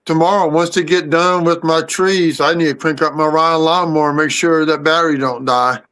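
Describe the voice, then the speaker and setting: High-pitched man, coin collector on a stream call, chatty. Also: steady tone, normal speed, a bit bright. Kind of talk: casual livestream chat.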